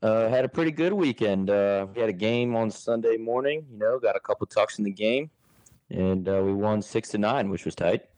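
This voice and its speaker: A man's voice: fairly low pitch, lively intonation, normal speed, a little mellow, no room sound, low-quality recording. A man co-hosting a casual sports podcast, laid-back and blunt.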